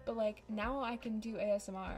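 A woman's voice: medium pitch, fairly even intonation, fairly quick, darkish tone, faint music behind. A woman giving casual, dramatic and sarcastic commentary over a game, close on a desk microphone. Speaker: YouTuber.

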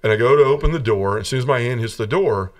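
A man, a podcast guest, earnestly telling his personal testimony as a lively storyteller. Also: medium pitch, fast, distant mic.

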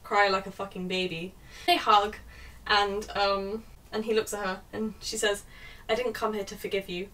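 A woman's voice: medium pitch, little pitch movement, moderate pace, bright, forceful tone, far from the mic. A young woman ranting sarcastically and swearing freely while reviewing a book.

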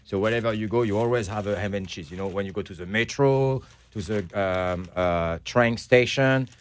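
A middle-aged man with a French accent, a bakery owner chatting as a guest, who pauses often to search for English words. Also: lowish voice, a little hiss or hum. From France. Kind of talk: casual interview chat.

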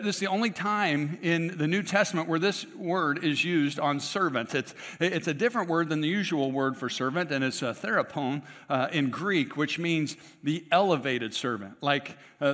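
Preaching in a loose, conversational style, this pastor speaks with a slightly high, fairly bright voice. Frequent restarts and side remarks to the congregation fill the sermon, which echoes with the long reverb of a church sanctuary.

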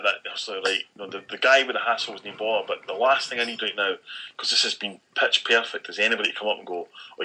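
A Scottish man chats on a podcast, telling a story. His voice is low-pitched but very bright and forceful. He acts out the dialogue of the people in the story and swears freely. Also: low-quality recording. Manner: animated storyteller acting out quoted dialogue, frequent swearing. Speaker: podcast co-host. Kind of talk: casual chat, storytelling.

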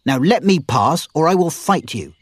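A man's voice: fairly high pitch, big pitch swings, normal speed, slightly rough, no echo, studio quality, pitched above the performer's own voice. A man reading as a blunt young swordsman. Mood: defiant.

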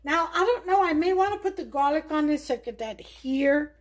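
Brisk and expressive, a high-voiced woman with a New York accent leads a casual cooking demo from her home kitchen. She talks and muses aloud as she goes, using many fillers.

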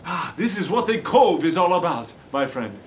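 A man's voice: on the high side, sing-song, moderate pace, slight background noise. A man doing a hammy campy vampire. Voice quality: theatrical, sudden shouts. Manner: hammy, boastful. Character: campy male vampire turned beach boy. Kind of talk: comedy sketch.

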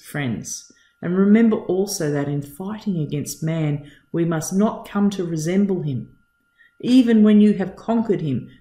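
A teacher reading aloud as an old boar leader giving a solemn, measured rousing speech to the farm animals. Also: mid-range voice, mellow, echoey room, close to an everyday voice.

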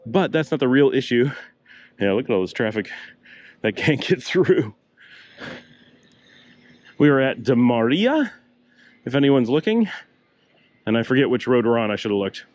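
Narrating a walking tour outdoors on city streets, an older travel vlogger chats and rambles, somewhat short of breath with a slight cough. His mid-range voice swings widely in pitch at normal speed, with long pauses, in a dry recording.

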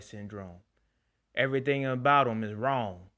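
A young man doing profane, animated stand-up storytelling and acting out voices. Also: medium pitch, unhurried. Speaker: stand-up comedian.

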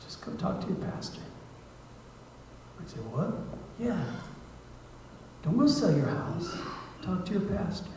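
A man preaching as a guest missionary in a church sermon, conversational, acting out prayers and dialogue, moving from hushed asides to loud appeals. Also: high-pitched, big pitch swings, measured pace, pauses often, a little hiss or hum. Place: church sanctuary. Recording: echoey church hall, mic at a distance.

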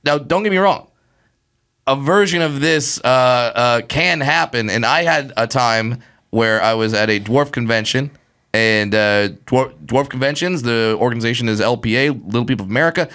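A man's voice: mid-range voice, normal speed, fairly bright tone. A man telling a comic story in casual podcast chat, acting out voices with big jumps in his delivery. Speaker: comedian guest.

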